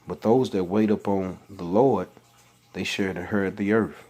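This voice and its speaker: In this informal scripture talk, a man who vlogs about religion reads verses aloud and preaches in loose everyday speech, with frequent restarts and exasperated questions. He has a low-pitched, darkish voice with fairly even intonation and speaks at a normal speed.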